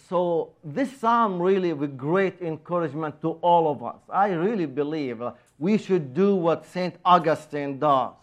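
A man preaching a sermon in a slow, halting way with many pauses and fillers, his phrasing a little non-native. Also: fairly high pitch.

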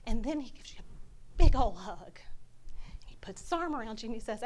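A woman's voice: a little high, lively intonation, normal speed, long pauses, a little mellow. A woman teaching a Bible study in an earnest, conversational sermon style. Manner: earnest, heartfelt.

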